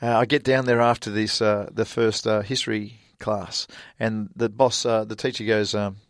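A man's voice: fairly low pitch, moderate pace, dry recording, studio quality. A middle-aged Australian man, a former college golfer, telling stories in a casual interview, chatty and laughing often. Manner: chatty, laughs often, animated retelling with voiced quotes.

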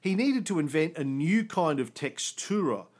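A man hosting a casual history podcast, explaining events with quick jokes and the odd swear word. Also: on the high side, expressive, darkish tone. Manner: jokey, swears, quick asides. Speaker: podcast host.

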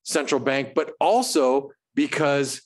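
A man's voice: mid-range voice, slow pace. A man co-hosting a trading show from home, chatting casually about markets and cracking puns. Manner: animated, punny, jokey asides.

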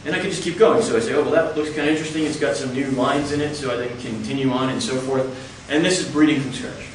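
A man giving a lecture, explaining step by step in a measured way. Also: mid-range voice, slight background noise. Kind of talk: explanatory talk. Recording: echoey hall, from far off.

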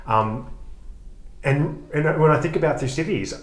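A man's voice: on the high side, unhurried, roomy sound. A man co-hosting a comedy podcast, rambling and self-mocking in casual chat. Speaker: podcast co-host.

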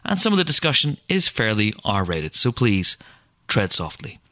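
A man's voice: fairly low pitch, very animated, bright, forceful tone, no echo, clean studio sound. A man hosting a podcast, reading a scripted intro and then chatting easily with a guest in a booth. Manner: chatty, quick to laugh. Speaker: podcast host. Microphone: studio mic in a podcast booth.

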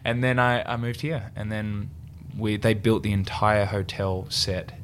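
This young Australian man talks in a fairly low voice, spinning relaxed anecdotes in easy interview chat. He laughs often as he tells his stories, and a faint hum of room noise sits behind him. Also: unhurried. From country Victoria, Australia. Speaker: actor and guest.

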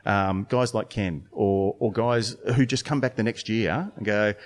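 Brief: middle-aged brewer, lower voice, casual rambling talker who restarts a lot. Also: male voice, a little slow. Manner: rambling storytelling with many restarts and fillers. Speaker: brewer and beer judge. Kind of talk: casual interview chat.

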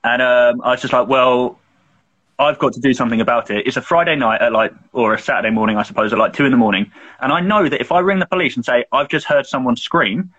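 A man's voice: medium pitch, quick pace, a bit bright, highs cut off. A young man co-hosting a podcast, telling a long personal story in casual chat, full of swearing, fillers and restarts. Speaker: podcast co-host.

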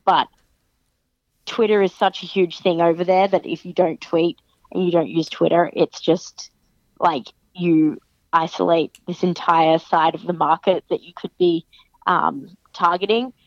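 A young adult Australian woman, a professional wrestler, chatting in an interview and lively acting out other people's remarks. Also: a little slow, no echo. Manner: chatty, animated, acts out other people's lines in a higher voice. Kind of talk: casual interview chat. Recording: dry, dull lo-fi podcast sound.

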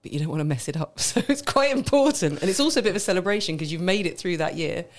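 A woman's voice: lowish voice, lively intonation, rapid-fire. A woman from Britain co-hosting a casual podcast chat, explaining in detail and laughing often. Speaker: wine expert co-host.

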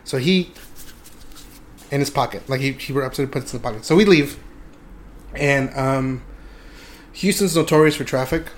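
A man's voice: mid-range voice, moderate pace, pauses often, slight background noise. A young man telling a casual, rambling story, laughing often and swearing freely. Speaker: podcast host.

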